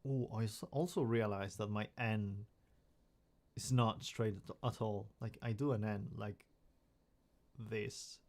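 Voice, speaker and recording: A man's voice: fairly low pitch, steady tone, takes it slowly, long pauses, darkish tone. A young man chatting casually on a live stream from his room, rambling and joking at himself with many restarts.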